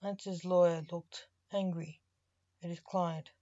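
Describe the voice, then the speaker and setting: A woman's voice: on the low side, flat delivery, takes it slowly, warm tone, no echo. A woman reading a short story aloud as narrator. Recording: slightly muffled dry recording.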